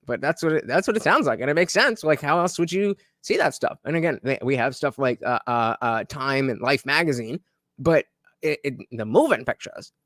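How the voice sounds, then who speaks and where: A man's voice: medium pitch, lively intonation, normal speed, fairly bright tone, no echo, studio quality. A man hosting a livestream, chatting casually to his viewers and reacting to a podcast clip, rambling with lots of fillers and restarts. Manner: chats directly to viewers.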